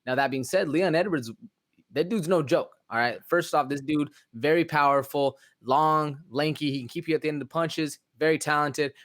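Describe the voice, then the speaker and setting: A man co-hosting a sports podcast, talking in a relaxed, slangy way with plenty of fillers. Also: fairly high pitch, moderate pace. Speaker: podcast co-host. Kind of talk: casual sports podcast chat.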